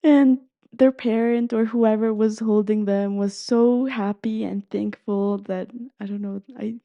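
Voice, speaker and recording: A woman's voice: medium pitch, fairly even intonation, measured pace, creaky, dark tone, dry recording, highs cut off. A woman podcast host telling a personal story in an earnest, emotive, heartfelt way.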